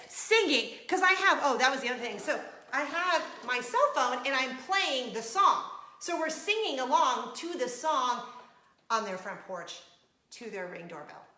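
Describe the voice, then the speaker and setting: A middle-aged woman hosting a casual vlog, telling a story in an animated way and laughing as she acts out scenes. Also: high-pitched. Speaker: vlog show host. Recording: echoey room.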